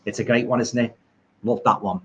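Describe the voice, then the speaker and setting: Broadcasting from home, a middle-aged man with a Liverpool accent reads viewer comments and enthuses at length about old films, using homely phrases; he's a horror film streamer. His mid-range voice is brisk with a breathy edge and little pitch movement.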